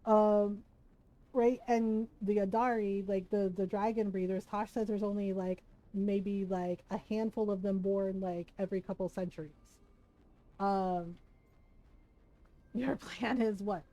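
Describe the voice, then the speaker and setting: A woman streaming a video game, telling stories in a chatty, animated way with lots of fillers. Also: mid-range voice, a little slow, rough recording. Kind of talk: casual storytelling while gaming.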